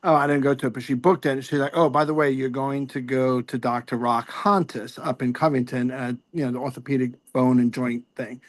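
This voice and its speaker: A man's voice: mid-range voice, fairly even intonation, a little fast, few pauses. An older man co-hosting a sports podcast, telling an easygoing self-mocking story. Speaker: podcast co-host. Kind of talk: casual storytelling.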